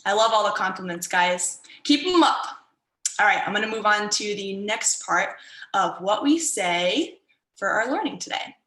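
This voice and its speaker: A woman's voice: medium pitch, animated, normal speed, a bit bright, reverberant, low-quality recording. A woman martial arts instructor teaching an online workshop for kids in an upbeat, encouraging way, over a video call.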